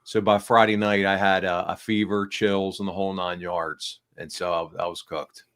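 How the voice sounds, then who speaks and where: Male podcast host, deep-ish voice, nasal and congested, loose upbeat rambling delivery. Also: level tone, normal speed, a bit bright. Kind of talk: casual podcast chat. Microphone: small backup microphone.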